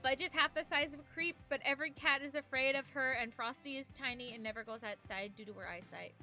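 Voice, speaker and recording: A woman's voice: high-pitched, a little fast, sharp tone. A young woman streaming from home, chatting casually and rambling as she reads viewer messages aloud, with faint music behind her. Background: faint background music.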